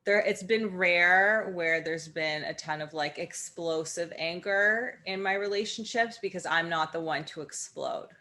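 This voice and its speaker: A woman co-hosting a casual conversation, speaking in a measured, earnest way. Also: fairly low pitch, sharp tone. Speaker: co-host.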